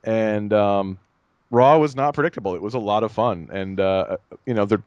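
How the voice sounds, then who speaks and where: A man's voice: fairly low pitch, normal speed, smooth, no room sound, dull audio. Rambling male podcast co-host, dry sound. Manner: rambling, animated, lots of fillers and mock voices. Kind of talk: casual chat.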